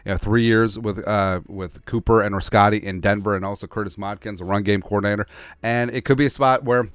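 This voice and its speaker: A man's voice: fairly low pitch, fairly even intonation, fairly quick, smooth, no room sound. A man hosting a sports podcast, giving blunt, sarcastic, opinionated commentary in a ranting manner. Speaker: podcast host.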